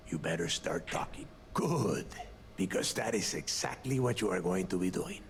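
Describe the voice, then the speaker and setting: A man's voice: low-pitched, lively intonation, moderate pace, a little hiss or hum. A man voicing a commanding, impatient male pirate boss in a video game, giving curt orders. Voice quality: gravelly. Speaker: game character.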